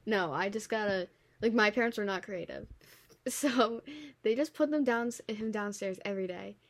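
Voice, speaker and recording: A young woman talks with a friend in a casual chat, telling a childhood memory at a laid-back pace. Her voice sits at a middle pitch, and she swears freely. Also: moderate pace. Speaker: co-host.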